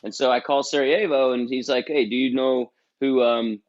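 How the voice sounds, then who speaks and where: A man chatting as a guest, telling an animated story and acting out other people's lines. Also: medium pitch, normal speed, lo-fi sound. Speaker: guest musician. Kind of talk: casual chat.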